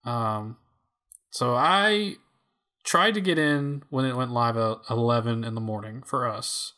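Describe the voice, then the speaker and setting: A man's voice: medium pitch, a little slow, sharp tone. Casual rambling male podcast host. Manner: rambling, filler-heavy. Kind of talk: casual chat.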